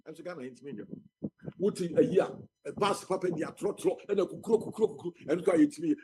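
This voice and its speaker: A man's voice: on the high side, fast, background noise. A man speaking passionately as a guest on a radio talk show. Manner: impassioned, mixing Twi and English.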